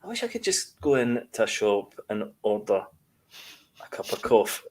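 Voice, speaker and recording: A man's voice: lowish voice, very animated, normal speed, darkish tone. A man co-hosting a podcast, chatting casually and rambling with restarts. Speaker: podcast co-host. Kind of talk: casual chat.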